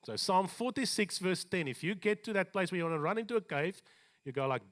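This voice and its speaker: Lively, animated male preacher. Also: sits high. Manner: animated preaching with joking asides, slowing down for scripture. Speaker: pastor. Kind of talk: sermon. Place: church.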